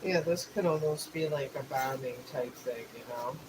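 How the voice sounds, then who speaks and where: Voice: medium pitch, normal speed. A live streamer chatting casually while painting, thinking aloud and explaining the art supplies step by step. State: just woke up. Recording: steady background noise.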